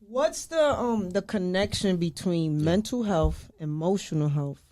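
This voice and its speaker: A woman's voice: lowish voice, expressive, a little slow, dark tone, dry recording. A woman hosting a podcast, blunt and slangy in casual chat, often answering with "mm-hmm". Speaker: podcast host.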